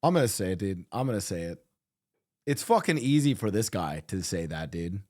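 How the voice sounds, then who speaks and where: A man's voice: deep voice, very animated, brisk, darkish tone, dry recording, studio quality. A man chatting casually on a stream as co-streamer, emphatic and swearing a lot.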